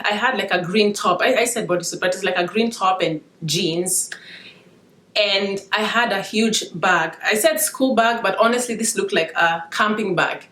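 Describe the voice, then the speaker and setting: A woman speaks in a middle-pitched voice, sharing her dreams and reading verses in an informal devotional talk. She sounds emotional, as if holding back tears, and often stops, restarts and apologizes. The room around her is bare and echoey. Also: a bit bright. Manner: emotional, halting, with restarts and asides. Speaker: Christian video blogger sharing dreams.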